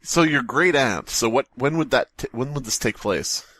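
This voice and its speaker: A man's voice: mid-range voice, animated, moderate pace, fairly bright tone, no echo. A man co-hosting a comedy podcast, reading stories aloud and breaking off into jokey asides and laughter. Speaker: podcast co-host. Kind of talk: casual comedic story reading.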